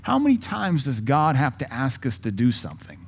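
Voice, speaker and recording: A man's voice: medium pitch, wildly swooping pitch, vocal fry, breathy edge. Impassioned man preaching a sermon. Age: 40s. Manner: impassioned, dramatic pauses, mimics Bible voices.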